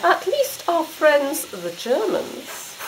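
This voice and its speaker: A woman's voice: high-pitched, huge pitch swings, slow pace, a little hiss or hum, full character voice, poor audio. A woman playing a haughty aristocratic exiled countess with grand, theatrical outbursts at a murder-mystery party. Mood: indignant. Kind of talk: amateur murder-mystery party role-play.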